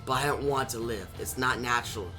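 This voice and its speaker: A man voicing a weary immortal man who longs for death, speaking low and subdued. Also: fairly quick, bright, forceful tone, soft background music, lightly acted.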